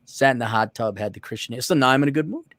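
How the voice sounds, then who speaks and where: A man's voice: medium pitch, lively intonation, fast talker, fairly bright tone, no echo. A man co-hosting a casual podcast, telling stories in a profane, ranting way and acting out the people he quotes. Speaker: podcast co-host.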